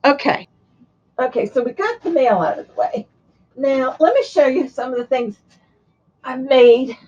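A woman's voice: high voice, animated, unhurried, darkish tone, husky, highs cut off. An older woman from Florida chatting casually on her crafting vlog, gushing over gifts and showing what she has sewn and crocheted. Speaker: crafting vlogger. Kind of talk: casual show-and-tell chat.

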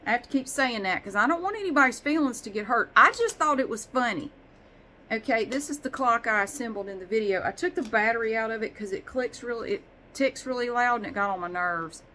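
A woman's voice: fairly high pitch, expressive, fairly quick, sharp tone, slight background noise, low-quality recording. A woman vlogger chatting casually, rambling and swearing with self-deprecating humor. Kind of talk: casual chat.

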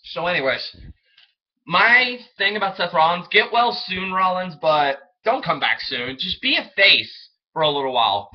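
A young man chatting casually as a fan vlogger, rambling and excitable, often stumbling over his words. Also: high voice, moderate pace. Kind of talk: casual solo commentary. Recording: dull lo-fi home recording.

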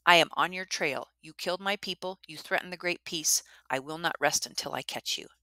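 A woman's voice: deep voice, a little fast, pushed and bright, dry recording. A woman voicing a determined young male hero, speaking firmly and insistently. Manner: firm, insistent.

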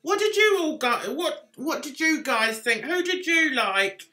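A woman with a high-pitched, expressive voice, pushed and bright, takes her time while hosting a casual stream. Chatty and rambling, she runs herself down good-naturedly and reads the chat aloud to viewers.

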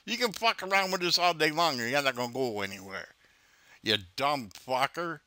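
A man's voice: fairly high pitch, expressive, moderate pace, pushed and bright, no room sound. A man baiting a scammer over the phone, mocking him with a stream of profane insults. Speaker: scam baiter. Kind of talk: angry phone confrontation.

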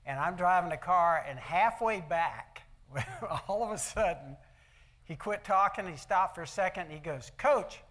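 Speaking at an event hall, the older man keeps his motivational talk folksy, drawing on personal stories and asking listeners rhetorical questions. He sits high in pitch, sounds animated and a bit bright, and moves at a normal speed.

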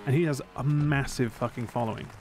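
A man's voice: medium pitch, fairly even intonation, brisk, a little mellow, a little hiss or hum. A man co-hosting a gaming stream, rambling and swearing as he searches for words. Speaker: gaming channel co-host. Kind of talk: casual chat over gameplay.

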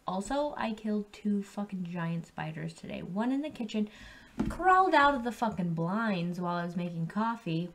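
A young woman at home chatting casually on camera, reviewing drinks, rambling and swearing freely. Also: fairly low pitch. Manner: laid-back, swears freely, rambling with many ums. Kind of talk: casual profane vlog chat.

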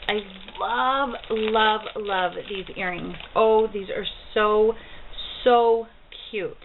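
A woman's voice: medium pitch, very slow. A woman in her thirties vlogging at home, gushing in a bubbly, easily delighted way over a package of gifts. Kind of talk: casual mail haul vlog. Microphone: built-in camera mic. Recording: tinny lo-fi camera audio with faint hiss.

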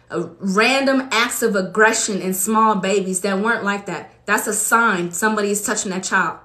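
A woman's voice: mid-range voice, normal speed, hardly any pauses, bright, forceful tone. A woman preacher from Los Angeles giving a fervent, conversational testimony sermon to her congregation in a church. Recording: echoey room.

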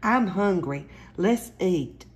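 A woman voicing an excitable little boy, high and bouncy. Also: slow, slightly rough, exaggerated voice. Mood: eager.

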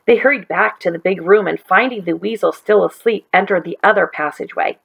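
A woman teacher reading a chapter book aloud to children in a gentle, expressive way. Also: medium pitch, fairly quick, creaky, slightly rough, poor audio.

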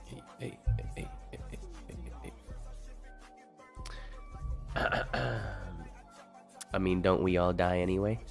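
A man's voice: sits low, steady tone, slow, vocal fry, pauses often, faint music behind. A young man livestreaming, chatting casually with his viewers in a laid-back, rambling way and swearing a lot. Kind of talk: casual stream chat, answering chat.

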